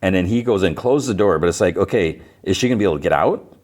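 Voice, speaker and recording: A man's voice: low-pitched, expressive, fast, darkish tone. A man hosting a podcast, casually recapping a show scene by scene and quoting the characters' lines. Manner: retells scenes with quoted lines, many "like"s. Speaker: podcast host.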